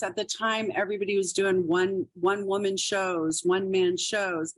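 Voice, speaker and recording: A woman's voice: medium pitch, steady tone, normal speed, few pauses, dry recording. A middle-aged woman comedian telling stories in a casual interview, laughing often and acting out quotes. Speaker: podcast guest, comedian.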